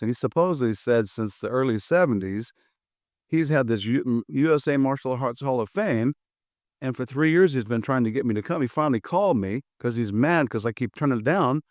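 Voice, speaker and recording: An older American man, a martial arts instructor, casually tells a story and acts out both sides of old conversations. His voice is medium-pitched, and the studio sound is clean, with no room sound.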